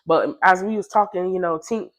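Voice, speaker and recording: A young woman telling a personal story in a casual, slangy, chatty way, often jumping into a higher voice to quote others. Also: normal speed.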